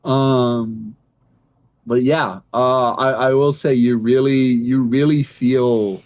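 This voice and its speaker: A young man from Massachusetts co-hosting a casual gaming podcast, rambling and swearing freely, jumping into animated voices when he retells conversations. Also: medium pitch, slow, no room sound. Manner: rambling, profane, animated in retold dialogue. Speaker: podcast co-host.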